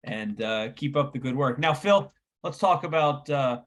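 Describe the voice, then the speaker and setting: A man's voice: medium pitch, lively intonation, measured pace. A man co-hosting a podcast, reading off questions and stats in casual sports talk. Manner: reads off questions and stats, agreeable. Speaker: podcast co-host.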